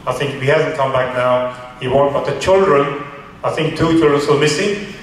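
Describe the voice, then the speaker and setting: A man, a charity founder, recounting a story in a radio interview in an earnest, halting way with many restarts. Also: medium pitch, steady tone. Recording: echoey room, far from mic, faint hiss.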